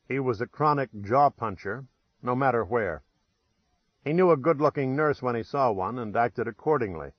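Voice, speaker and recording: A man's voice: medium pitch, no echo. A man narrating an audiobook in the first person, with dry, wry timing and a mid-range voice. The sound is dead and dry with a slightly dull, muffled top end.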